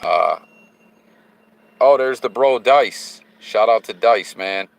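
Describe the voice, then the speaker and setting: A man with a fairly low, animated voice and vocal fry takes his time as he hosts a livestream from his car while driving. He reads viewer comments aloud in slang-heavy chat that erupts into sudden hyped bursts. The recording is low quality.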